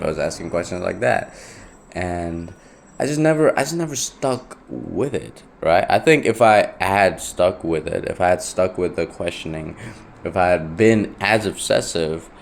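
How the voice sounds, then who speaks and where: In a low, gravelly voice over a little hiss or hum, a young Nepali man rambles through a personal story. He talks casually, repeating himself and leaning constantly on "like" and "right?".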